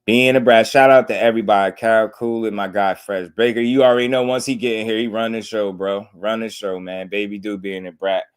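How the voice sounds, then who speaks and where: A man's voice: on the low side, fairly even intonation, a little fast, hardly any pauses, clear, resonant tone. A man, hosting a casual boxing livestream and chatting loosely with his viewers. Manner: loose and talkative, slangy.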